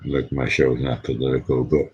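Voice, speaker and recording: A man hosting a livestream, chatting casually and joking, sometimes talking quietly. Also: rumbling low, level tone, brisk, slightly rough, muffled recording. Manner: joking, talks quietly at times. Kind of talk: casual chat.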